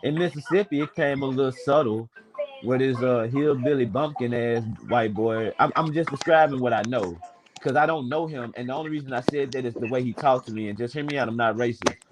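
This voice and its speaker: A man in his late twenties tells a story in a loose, casual way, his voice sitting at an ordinary middle pitch. He is wordy and digressive and swears freely as he goes. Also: brisk, background noise. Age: 20s. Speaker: panel speaker.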